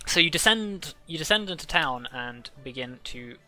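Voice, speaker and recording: Guy dming a tabletop game, really bright voice, bit high, lots of uhs and ums, faint music underneath. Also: animated. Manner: halting, filler-heavy narration. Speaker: dungeon master.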